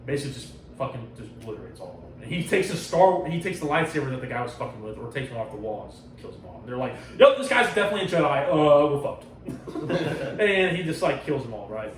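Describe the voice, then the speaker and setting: Here a podcast host talks fast and animatedly in a medium pitch. He's retelling a comic book story on his casual show, full of swearing and performed quotes. The recording sounds roomy, with faint noise from a far-off mic.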